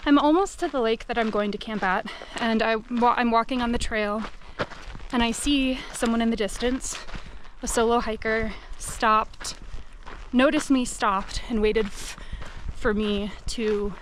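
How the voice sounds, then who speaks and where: A woman's voice: fairly high pitch, steady tone, a little slow, slight background noise, low-quality recording. A young woman talking to her camera on a solo backpacking trip outdoors, chatty and candid, with fillers and self-corrections. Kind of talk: casual vlog narration to camera. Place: outdoors on a mountain trail.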